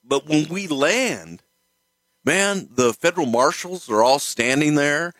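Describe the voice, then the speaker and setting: A man's voice: on the high side, slow, no echo. A man telling stories casually, with lots of swearing. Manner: profane, animated storytelling. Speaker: guest storyteller. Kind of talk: casual storytelling.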